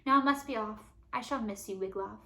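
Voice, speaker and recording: A woman doing a soft-spoken wandering minstrel. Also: on the high side, fairly quick, poor audio. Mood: gentle. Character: gentle wandering male minstrel, wise. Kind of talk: storybook read-aloud.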